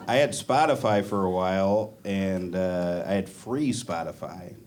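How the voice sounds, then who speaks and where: A man doing a stand-up comedy set on a club stage, with a deadpan, self-deprecating delivery. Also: low voice, a little slow, slight background noise. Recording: live club audience. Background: laughing audience.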